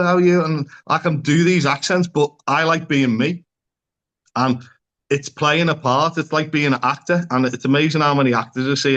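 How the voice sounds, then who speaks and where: An earnest man speaking as a psychotherapist guest on a podcast. His voice sits at an ordinary middle pitch, and he talks it through casually and keeps asking rhetorical questions. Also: a bit bright.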